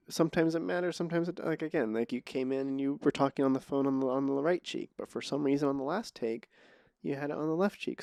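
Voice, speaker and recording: A man's voice: mid-range voice, a little fast, vocal fry, darkish tone, no echo, clean studio sound. A man hosting a podcast, chatting casually and often restarting his sentences. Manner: rambling, trails off and restarts sentences. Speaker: podcast host. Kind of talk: casual conversation. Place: Los Angeles.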